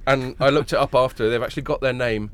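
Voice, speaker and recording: A man's voice: medium pitch, fairly even intonation, fast talker, fairly bright tone, slight background noise. A man hosting a podcast, chatting casually with a nasal, tired voice after a late night, rambling and joking with lots of fillers and restarts. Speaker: podcast host. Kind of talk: casual chat.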